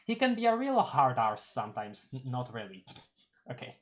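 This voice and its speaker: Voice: medium pitch, very animated, normal speed. Giggly streamer reading a webcomic aloud. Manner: giggly, rambling, often restarts words. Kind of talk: casual live read-through.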